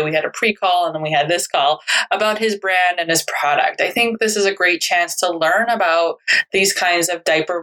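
A young woman from Canada hosting a podcast, chatting quickly and excitedly as she introduces an interview. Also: lowish voice, low-quality recording. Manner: bubbly, fast-talking, chatty. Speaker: podcast host.

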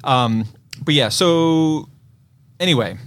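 A man co-hosting a casual podcast chat, relaxed and quick to agree. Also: a little high, clear, resonant tone. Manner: laid-back, lots of quick agreeing. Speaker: podcast co-host.

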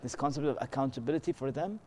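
A man leads a relaxed scripture lesson in an easygoing, explanatory way. He keeps tossing out rhetorical questions and checking in with a quick "okay?" to keep his listeners with him. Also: medium pitch, slight background noise. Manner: slips into melodic Arabic recitation of verses. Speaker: religious teacher.

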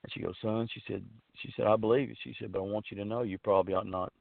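A man's voice: lowish voice, fairly even intonation, quick pace, vocal fry, no echo. A man earnestly telling a long personal story in a rambling, casual way, full of restarts and fillers. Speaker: guest telling his story. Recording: tinny phone line.

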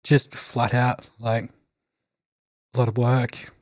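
A man rambles in a laid-back way, swearing freely as he chats. His pitch is mid-range and the sound is dry and close. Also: flat delivery, slow, dry recording. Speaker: podcast regular, game player. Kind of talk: casual podcast chat.

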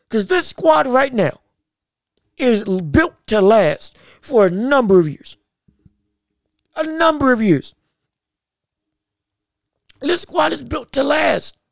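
A woman's voice: a little high, dry recording, clean studio sound. A woman sports vlogger giving casual commentary, talking emphatically and repeating phrases for emphasis.

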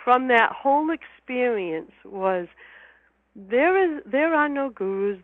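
A woman's voice: mid-range voice, dry recording. A woman guest telling a personal story in an interview, heartfelt and emotional, often repeating her words. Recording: phone line.

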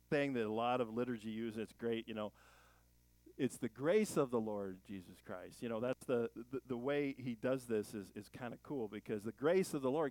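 A man preaching a relaxed, conversational sermon as a pastor, with folksy jokes and rambling asides. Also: mid-range voice, no room sound, poor audio.

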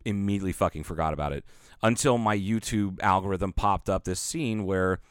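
Rambling, cursing man with a clear voice. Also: sits low, brisk, no echo, studio quality. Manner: rambling storyteller, swears freely, animated quoting. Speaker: podcast co-host. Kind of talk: casual chat.

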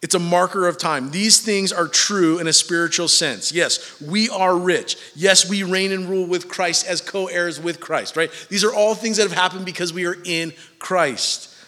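A man's voice: high voice, moderate pace, hardly any pauses, sharp tone, long reverb tail. A man preaching a sermon in a church, casual and joking with his listeners between points. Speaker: pastor.

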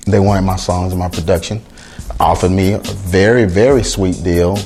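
A man's voice: low-pitched, moderate pace. A middle-aged man, a music producer, telling his story in conversation and acting out the voices of the people he quotes. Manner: lively retelling that acts out quoted dialogue.

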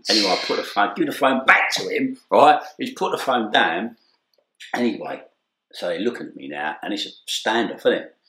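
This is a middle-aged Englishman with a lowish voice, speaking at a moderate pace as an interview guest. He tells an anecdote animatedly in casual conversation, performing the dialogue and laughing often, with echo in the room.

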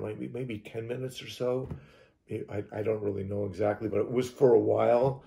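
Man, gravelly voice, dark mellow tone, rambling storyteller, restarts his words. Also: lowish voice, fairly even intonation, normal speed. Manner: repeats and restarts words, acts out his own reactions. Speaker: hypnotherapist telling his experience. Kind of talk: rambling first-person storytelling.

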